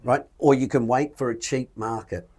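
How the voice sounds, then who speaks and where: Aussie bloke mid-life, blunt and lively podcast talk, mid pitch, swears a bit. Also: male voice, moderate pace, slightly rough. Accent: Australian. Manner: blunt, animated, swears casually. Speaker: podcast host. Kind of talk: casual podcast chat.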